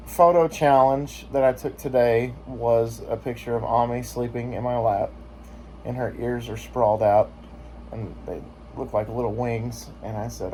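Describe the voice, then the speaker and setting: A man's voice: mid-range voice, dark tone, slight background noise. A man vlogging in casual chat, joking and rambling with lots of filler words.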